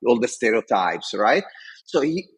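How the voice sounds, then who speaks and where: A man's voice: medium pitch, a little slow, breathy edge, low-quality recording. A man in his forties from Italy, with an Italian accent, passionately telling stories as a podcast guest. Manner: passionate, animated storyteller. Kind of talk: interview storytelling.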